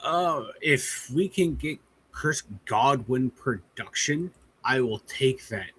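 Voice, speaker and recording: A man's voice: mid-range voice, lively intonation, takes it slowly, fairly bright tone, breathy edge, poor audio. A man co-hosting a live sports podcast, giving blunt, casual opinions with some swearing. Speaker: podcast co-host.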